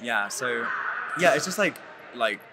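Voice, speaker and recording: A man's voice: medium pitch, animated, a little slow, heavy background noise. A man, a musical's co-writer, chatting casually in an interview, rambling with lots of "like". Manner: rambling, heavy use of "like".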